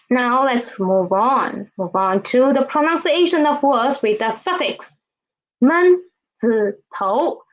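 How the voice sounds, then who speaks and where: A woman with a Mandarin Chinese accent and a slightly high voice teaches a language lesson. She speaks slowly and patiently, modeling words and their tones for students to repeat, and the audio sounds dull.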